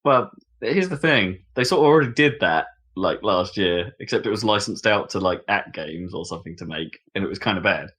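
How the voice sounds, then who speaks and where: A man co-hosting a casual gaming podcast, chatty and quick to laugh, often trailing off and restarting. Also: deep voice, animated, fairly bright tone, husky. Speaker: podcast co-host. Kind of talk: casual chat.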